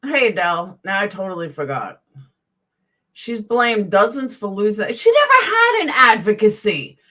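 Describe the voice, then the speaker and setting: Her medium-pitched voice swings widely in pitch, sharp in tone and moderate in pace. A Southern woman hosting on YouTube, she offers her live chat a casual commentary rant that's blunt, heated, and profane.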